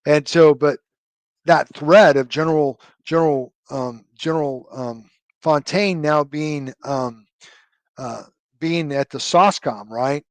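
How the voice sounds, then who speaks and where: A middle-aged retired army officer, his voice a little high and slow with no echo, tells stories in a conversational interview. He rambles, using lots of fillers and tag questions.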